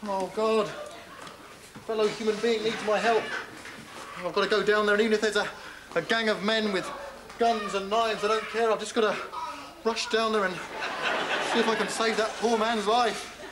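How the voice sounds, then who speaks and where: A man plays a cowardly young man who frets, dithers and talks to himself. His voice sits high and sounds roomy, and loud broadcast hiss runs under it. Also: fairly even intonation, normal speed, long pauses, lightly acted. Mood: fretful. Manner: fretful, self-talking, dithering. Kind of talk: comic monologue.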